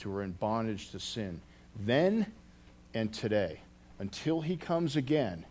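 A man's voice: lowish voice, lively intonation, a little slow, a little mellow, a little hiss or hum. A man preaching a sermon as a pastor, telling a story earnestly and often restarting his phrases.

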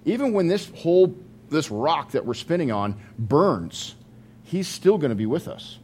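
A man's voice: on the high side, sing-song, normal speed, darkish tone, a little hiss or hum. A man preaching a sermon as pastor, in a conversational way with joking asides, at a church service.

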